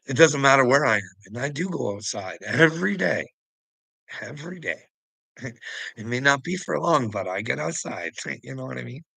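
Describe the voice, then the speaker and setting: A man's voice: mid-range voice, animated, normal speed, gravelly, bright, forceful tone, husky, no echo. A man talking to the camera in a rambling, preachy monologue, swearing constantly. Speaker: vlogger.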